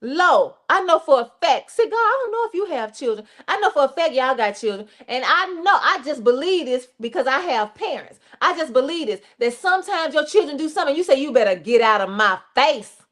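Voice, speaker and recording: A woman reverend hosting a livestream faith talk, speaking animated and direct to her listeners. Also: high voice, a little fast, few pauses. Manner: animated, addresses listeners directly, acts out quotes. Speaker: reverend and show host.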